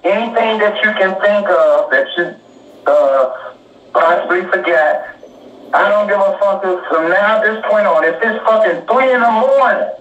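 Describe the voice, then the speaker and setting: A man's voice: sits high, measured pace, fairly bright tone. A man on a played phone recording, talking firmly and profanely to reassure someone. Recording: dull, echoey phone recording from far off.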